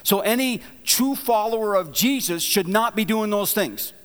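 A man preaching a sermon, telling a folksy story in a relaxed, conversational way, with frequent restarts and repeated words. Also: sits high, moderate pace, smooth. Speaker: pastor. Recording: long hall reverb.

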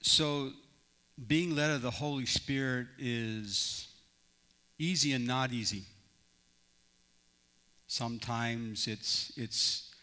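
A man's voice: medium pitch, sharp tone. A male pastor preaching a sermon in an earnest storytelling manner, often restarting his phrases. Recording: long reverb in a large hall.

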